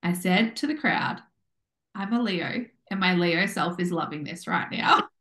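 A woman co-hosting a podcast, telling a story in a bubbly, animated way and acting out what people said. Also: lowish voice, unhurried. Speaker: podcast co-host. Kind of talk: casual chat. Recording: echoey room.

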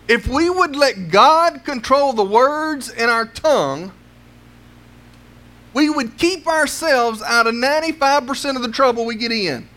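A man with a strikingly high voice preaches a sermon. He pushes his congregation with question after question and doubles back on his words as he builds each point. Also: lively intonation, measured pace, pushed and bright. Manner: pleading rhetorical questions, repeats words as he builds.

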